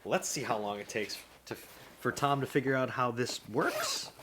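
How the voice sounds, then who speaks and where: A man's voice: medium pitch, huge pitch swings, normal speed, background noise. Self-mocking man muttering over his gear. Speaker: comedian and vlogger. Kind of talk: casual vlog narration while working. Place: hotel room.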